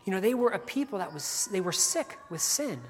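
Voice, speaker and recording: A preacher delivers a morning sermon from a church stage. The voice sits at a middle pitch and leans on "you know" in almost every phrase, saying key lines twice over. A long hall reverb trails behind each phrase. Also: expressive, fairly quick, slight background noise.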